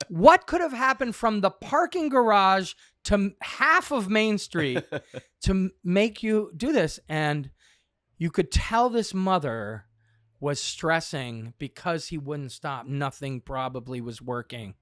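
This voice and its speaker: Slow, bright-voiced man telling a comic story. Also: high-pitched, no echo, studio quality. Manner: animated, laughs through his telling. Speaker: comedian guest. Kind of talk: comic storytelling in podcast chat. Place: backstage at a comedy theatre.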